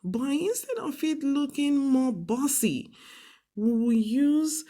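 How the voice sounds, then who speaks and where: A woman with a high-sitting, dark-toned voice and lively intonation teaches a grammar lesson for a TV series. She goes slowly and patiently, checking in with "okay?" and "all right?" after each point.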